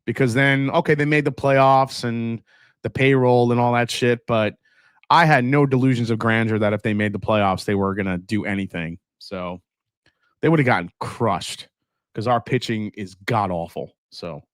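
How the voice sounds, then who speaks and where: A man's voice: mid-range voice, fairly bright tone, no room sound, studio quality. A man hosting a casual live stream, chatting loosely and laughing as he reads viewer comments aloud. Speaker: whiskey livestream host.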